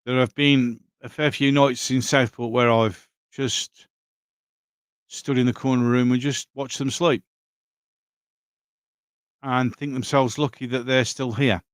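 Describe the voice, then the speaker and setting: Guy doing a casual livestream, mid-pitch voice, reads out chat comments and replies, dry close sound. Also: steady tone, measured pace, long pauses, smooth, dry recording. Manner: talks straight to chat, reading out and answering viewer comments. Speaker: livestream host reading viewer chat. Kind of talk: casual live-stream commentary.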